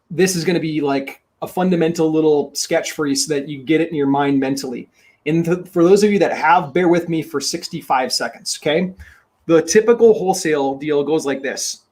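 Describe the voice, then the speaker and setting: A man teaching real estate investing in a webinar, talking in an emphatic, energetic way and repeating his key points. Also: on the high side. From Minnesota.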